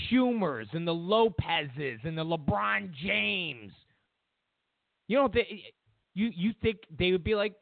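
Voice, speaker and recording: A man hosting a political commentary show, ranting loudly and mockingly, slipping into put-on voices for the people he quotes. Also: high voice, lively intonation, takes it slowly, creaky, no room sound, narrow, tinny audio.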